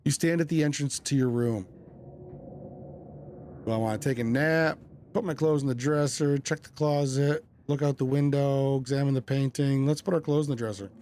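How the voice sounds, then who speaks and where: A man's voice: mid-range voice, fairly even intonation, normal speed, mellow, a little hiss or hum. Chatty male game streamer. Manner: chatty, rambling, swears casually. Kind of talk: casual live-stream commentary.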